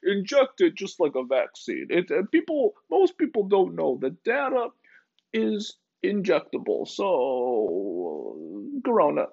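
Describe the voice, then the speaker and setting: A man's voice: a little high, huge pitch swings, slow pace, vocal fry, a little mellow, exaggerated voice. A man doing a mocking impression of a rambling older male health official who stammers and repeats himself. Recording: dull lo-fi recording.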